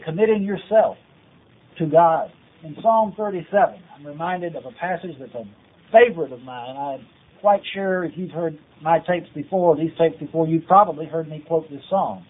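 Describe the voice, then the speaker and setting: High-voiced preacher on tinny tape. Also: male voice. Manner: earnest, exhortative, repetitive phrasing. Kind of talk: taped sermon. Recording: tinny phone-like audio tape.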